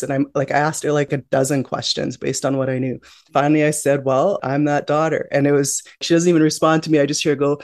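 Woman, middle-aged, low voice, candid storytelling, dry close sound. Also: fairly even intonation, quick pace, darkish tone, dry recording. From Canada. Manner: reflective, candid, with frequent restarts and "you know". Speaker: guest. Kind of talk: personal storytelling interview.

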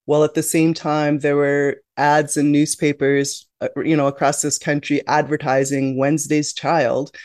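Low-voiced woman telling her story. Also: flat delivery, measured pace, a little mellow, dry recording, studio quality. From Canada. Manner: reflective, candid, with frequent restarts and "you know". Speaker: guest. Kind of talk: personal storytelling interview.

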